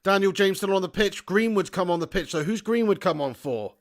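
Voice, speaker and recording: A young man hosting a live football watch-along, excitable and swearing as he shouts at the referee. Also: high voice, a little fast. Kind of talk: live match commentary and chat.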